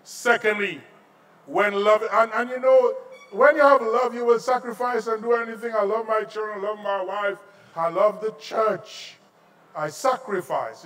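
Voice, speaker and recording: A middle-aged man with a Trinidadian accent preaching a sermon as a visiting pastor, jumping from quiet asides to shouted lines. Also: high-pitched, unhurried, recorded from a distance. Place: large auditorium.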